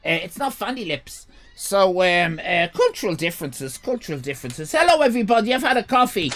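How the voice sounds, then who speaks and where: An Irish man hosting a live stream, chatting casually and rambling, swearing and breaking into shouts. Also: high-pitched, sing-song, a little fast, heavy background noise. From Ireland. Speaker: livestream host.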